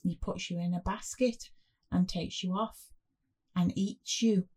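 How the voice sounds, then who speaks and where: A woman's voice: on the low side, fairly even intonation, unhurried, a little mellow, husky. A woman voicing a frightened five-year-old boy who speaks in a small, pleading voice in a spoken story. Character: scared little boy, five years old.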